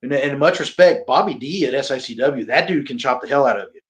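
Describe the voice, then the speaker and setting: Speaking fast in a mid-range voice, a male pro wrestler chats informally as an interview guest. He's animated and mocks himself, frequently laughing, repeating words and starting sentences over.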